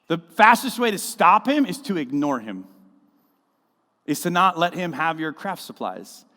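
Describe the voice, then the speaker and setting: A man preaching a sermon as a pastor, conversational and full of animated storytelling, in a church auditorium. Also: fairly high pitch, a little slow. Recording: echoey church hall.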